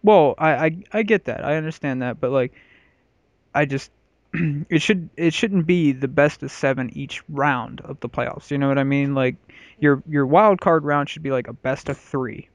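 A man's voice: a little high, normal speed, no echo. A man in his thirties hosting a podcast in casual, rambling, profane chat. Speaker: podcast host.

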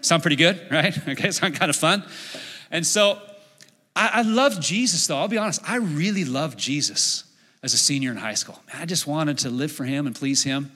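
Bright-voiced pastor preaching in a reverberant hall. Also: male voice, fairly high pitch, normal speed. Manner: storytelling, animated, acts out his own inner voice. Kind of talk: sermon. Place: church sanctuary.

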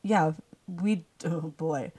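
A woman's voice: low voice, extremely slow, dark tone, husky. A woman co-hosting a podcast in an attic, chatting casually in a rambling way and laughing mid-sentence. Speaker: podcast co-host. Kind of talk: casual chat.

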